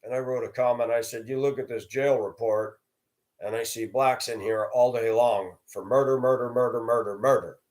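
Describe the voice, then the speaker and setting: Middle-aged man, casual storyteller, mid-pitched, acts out quotes loudly. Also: steady tone, normal speed. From from Denver area. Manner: acts out quoted voices, rising loud for confrontations. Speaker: vlogger telling personal stories.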